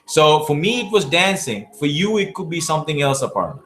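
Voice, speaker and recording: A man's voice: a little high, very animated, fairly quick, a bit bright. A man from Asia, answering viewer questions in a live Q&A, giving emphatic coaching advice and often restarting his words. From South Asia. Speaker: public speaking champion answering viewer questions.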